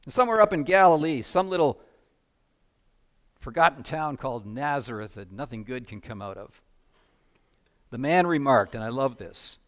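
A man's voice: medium pitch, very animated, moderate pace, fairly bright tone. A male pastor giving a sermon in a conversational way, often stumbling over repeated words. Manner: conversational preaching with dramatic readings and frequent repeated words.

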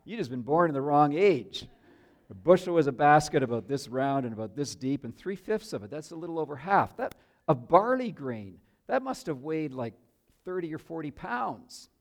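A man preaching a sermon, telling a story in an animated way with joking asides to his listeners. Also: fairly high pitch, moderate pace.

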